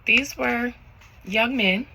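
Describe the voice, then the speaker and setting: Woman tarot reader, gravelly and bright-edged; casual slangy rambling straight to camera. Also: on the high side, slow, slight background noise, poor audio. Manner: rambling, slangy, talks to viewers directly. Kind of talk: casual spiritual reading vlog.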